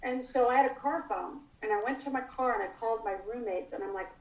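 A middle-aged woman telling a story in casual chat. She is animated and acts out the dialogue as she goes. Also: on the high side, quick pace. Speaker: guest storyteller. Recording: roomy echo.

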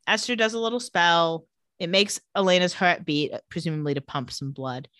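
A woman co-hosting a podcast, recapping a TV episode in casual chat and quoting the characters with animated voices. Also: fairly low pitch, moderate pace, no echo, studio quality.

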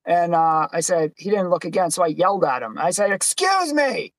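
A man's voice: fairly quick, no echo. A young man chatting on a livestream, telling stories and acting out the quoted people. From Boston, USA. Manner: chatty storyteller, acts out quotes in higher voice. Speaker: podcast host. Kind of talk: casual livestream chat.

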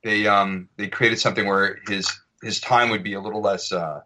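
A man's voice: fairly low pitch, steady tone, moderate pace, sharp tone. An American man, an actor guest on a podcast, chatting casually and telling anecdotes, acting out voices and accents as he goes. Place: podcast recording.

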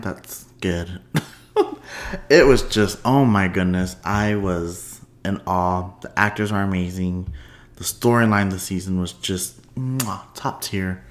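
A man hosting a solo podcast in a bubbly, unscripted chat, sleepy at the end of a long day, laughing often and swinging his pitch up for playful asides. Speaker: podcast host.

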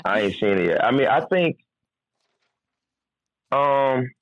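Singer dude from virginia telling stories on a podcast, doing everyone's voices, squeaky disbelief, kinda dull dry audio. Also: male voice, slow pace, no room sound. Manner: animated, mimics people, jumps into incredulous high-pitched outbursts. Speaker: singer and recording artist. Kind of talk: casual podcast storytelling.

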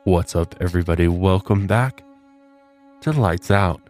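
A man's voice: low-pitched, measured pace, darkish tone, faint music behind. A man hosting a comedy podcast, telling a paranormal story with mock-dramatic flair. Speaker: podcast host.

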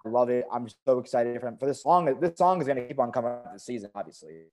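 A man co-hosting a podcast, chatting casually and enthusiastically about a TV episode. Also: medium pitch. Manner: enthusiastic, relaxed, quick to praise. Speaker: podcast co-host. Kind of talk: casual TV recap chat.

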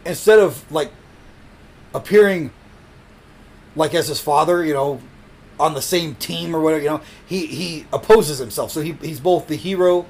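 A man's voice: fairly high pitch, moderate pace, long pauses, darkish tone, slight background noise. A man co-hosting a casual podcast, sharing trivia in a hesitant way full of fillers and restarts. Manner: hesitant, lots of fillers and restarts, laughs easily. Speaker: podcast co-host.

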